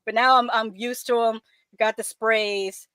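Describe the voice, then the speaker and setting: A woman from the northern US telling a lively story in a casual podcast chat, acting out quoted voices. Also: a little high, a little slow, clean tone, no room sound. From northern United States. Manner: animated storyteller, acts out quotes.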